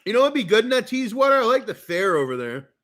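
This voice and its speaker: A man's voice: extremely high pitch, very animated, quick pace, fairly bright tone. A man with a Canadian accent telling a long, rambling story in a casual rant, swearing often and talking with a lot of animation. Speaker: streamer.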